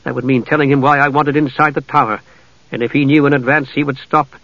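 A narrator plays a young mage who argues with an edge of bitterness, his voice often dropping low and subdued. The storybook reading sounds dull and lo-fi, dry and close. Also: fairly even intonation, fast, dry recording, natural voice. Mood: bitter, wary. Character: young male mage, proud yet bitter.

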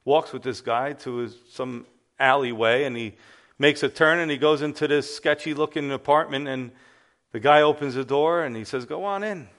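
A man's voice: medium pitch, steady tone, moderate pace, a bit bright. A man preaching an earnest, emphatic sermon and telling a story.

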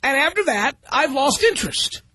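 A man's voice: very high-pitched, big pitch swings, moderate pace, sharp tone, no echo. Blunt, combative male radio host. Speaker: radio talk show host. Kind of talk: opinionated radio talk. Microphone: studio microphone.

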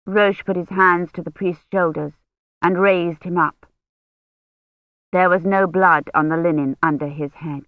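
An audiobook narrator reading a novel in an even, measured way. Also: medium pitch, no echo. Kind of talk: scripted narration. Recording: dull dry lo-fi audio.

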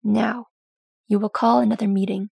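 A woman's voice: medium pitch, fairly even intonation, normal speed, vocal fry, darkish tone, slightly rough, no echo. A woman voicing a stern, loving old male dwarf lord who speaks to his son in a firm, commanding way.

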